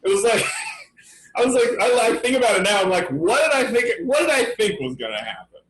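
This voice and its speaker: Young male comic co-host, high-ish, laughy, profane banter; roomy mic, faint hiss. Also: fairly quick. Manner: laughs often, animated impressions, swears casually. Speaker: podcast co-host. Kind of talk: casual comedy chat.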